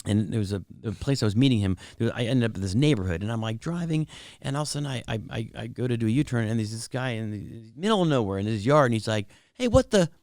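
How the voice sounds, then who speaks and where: A middle-aged man, a comedian guest, chatting casually and telling lively anecdotes, acting out other people's voices and laughing often. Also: medium pitch, quick pace, no echo, studio quality. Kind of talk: casual chat, storytelling.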